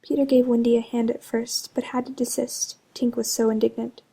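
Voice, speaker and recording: Hushed, husky woman reading a storybook. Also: fairly high pitch, flat delivery, a little fast. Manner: hushed, partly whispered. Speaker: narrator. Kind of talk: soft-spoken storybook reading.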